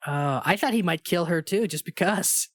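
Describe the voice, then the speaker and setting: A man's voice: sits high, normal speed, dry recording, clean studio sound. A man co-hosting a podcast, chatting casually and reading movie quotes aloud with relish, laughing often. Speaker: podcast co-host.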